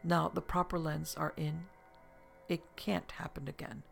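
Storybook role: narrator doing an eager, shaken woman patient, slightly raised pitch, gravelly. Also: little pitch movement, a little slow, soft background music, heavily acted. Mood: relieved. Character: anxious, newly sighted woman patient.

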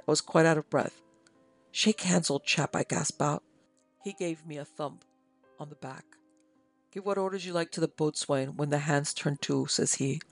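A man reads an old sea tale in a steady storytelling manner. His voice sits a little high and carries a gravelly edge. The recording is dry and close, with soft music in the background. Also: no room sound. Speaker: narrator and producer. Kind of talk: audiobook reading of a classic sea story.

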